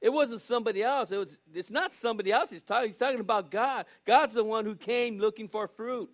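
A man's voice: sits high, fairly quick. An older man preaching a sermon as pastor, earnest and direct with the congregation, often restarting and repeating his phrases.

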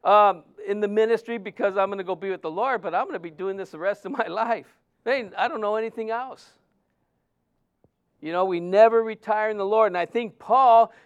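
A man preaching a sermon in a fairly high voice that stays smooth and resonant. He tells personal stories with animation and slips into other people's voices as he quotes them. He is a pastor of Mexican heritage. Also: normal speed, dull audio.

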